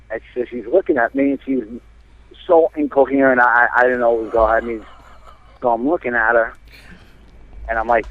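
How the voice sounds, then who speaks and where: A man from New Jersey, calling in and telling a rambling, animated story with lots of fillers. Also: medium pitch, moderate pace, dry recording. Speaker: caller. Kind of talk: casual storytelling. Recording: tinny phone line.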